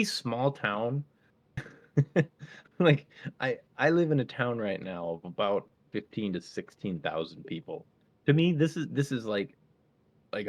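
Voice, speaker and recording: A young man from the American Midwest, co-hosting a casual podcast and ranting in an animated way, with his voice jumping up when he gets worked up. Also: on the low side, highs cut off. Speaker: podcast co-host. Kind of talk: casual solo podcast chat.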